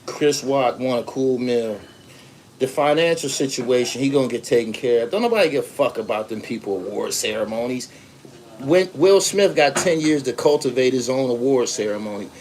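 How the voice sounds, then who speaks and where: A middle-pitched man from the East Coast talks loosely and profanely as he reads out comments from his audience. He acts out the people in his stories. A faint noise hums under the recording. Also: animated, moderate pace, darkish tone. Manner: loose, profane storytelling with acted-out voices. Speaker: podcast host. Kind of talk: casual livestream chat reading comments.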